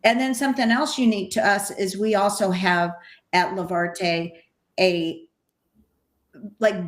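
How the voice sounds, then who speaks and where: An enthusiastic middle-aged woman talks about running her agency in an interview. Her voice rings in a noticeably echoey room. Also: medium pitch. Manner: enthusiastic, laughs easily. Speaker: host agency owner and CEO. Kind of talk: webinar interview.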